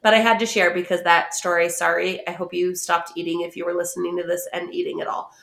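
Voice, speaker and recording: A woman co-hosting a podcast in casual chat, an animated storyteller who laughs often. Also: fairly low pitch, fast talker, gravelly. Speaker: podcast co-host. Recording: roomy echo.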